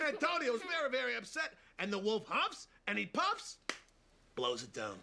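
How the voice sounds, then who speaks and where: An actor playing a brash, animated mobster from New Jersey with a New Jersey accent, telling children a story. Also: male voice, high voice, normal speed, gravelly, slight background noise. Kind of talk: film comedy acting.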